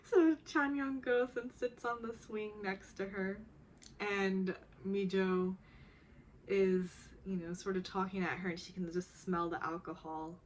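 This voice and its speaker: A woman's voice: mid-range voice, normal speed, few pauses, slight background noise. A woman recapping a drama episode in a casual, chatty way, laughing often as she talks.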